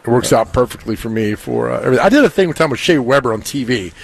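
A man hosting a casual sports talk show, telling stories and acting out quotes with big jumps in pitch. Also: racing, creaky, no room sound. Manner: animated storyteller, acts out quotes. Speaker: sports radio host.

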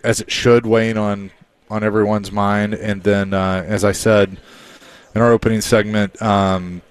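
A man hosting a sports talk radio show, speaking in a halting way with many pauses and fillers. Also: fairly low pitch, little pitch movement, clean tone, no echo.

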